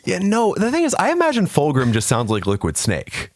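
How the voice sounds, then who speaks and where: A man co-hosting a podcast, chatting casually, swearing freely and animated. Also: fairly high pitch, dry recording, clean studio sound. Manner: animated, swears freely, jumps into quick put-on voices. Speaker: podcast co-host. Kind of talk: casual chat.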